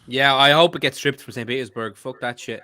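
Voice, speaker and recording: A man with an Irish accent, co-hosting a casual football chat podcast in an animated, profane, laughing way. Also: mid-range voice, a little fast, clear, resonant tone. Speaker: podcast co-host.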